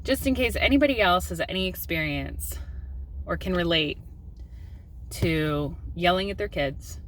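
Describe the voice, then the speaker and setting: A woman's voice: fairly low pitch, expressive, measured pace, fairly bright tone, a little hiss or hum. A woman in her thirties talking candidly in a personal vlog, open and confessional with filler ums. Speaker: mom vlogger.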